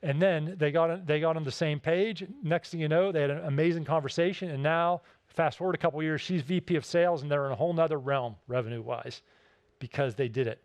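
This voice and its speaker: A man giving a keynote talk, telling stories in an animated, emphatic way and repeating his key points. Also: fairly high pitch, a little fast, no room sound. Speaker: keynote speaker.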